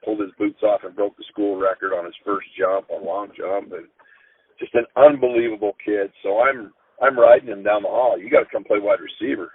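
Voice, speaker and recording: A man's voice: lowish voice, slightly rough, no room sound. Man telling a story over a tinny phone line. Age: middle-aged. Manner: earnest, halting, with frequent restarts. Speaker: high school football coach. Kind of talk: emotional storytelling in an interview.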